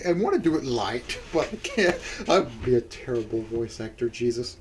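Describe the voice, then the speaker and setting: A man's voice: mid-range voice, expressive, fairly quick, few pauses, a little hiss or hum. A man reading a visual novel aloud and commenting as he goes, crude and self-mocking, often breaking into laughter. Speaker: let's-play reader.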